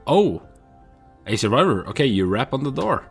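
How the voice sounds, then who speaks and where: A man playing a text adventure game, reading the story out and musing over his choices with hesitant pauses. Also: mid-range voice, big pitch swings, vocal fry, breathy edge, soft background music. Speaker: player narrating a text adventure. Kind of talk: reading and thinking aloud.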